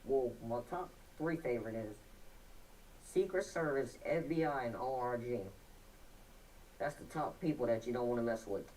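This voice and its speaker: A male guest answering interview questions in a halting, stuttering, plainspoken way. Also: medium pitch, darkish tone, distant mic, slight background noise, rough recording.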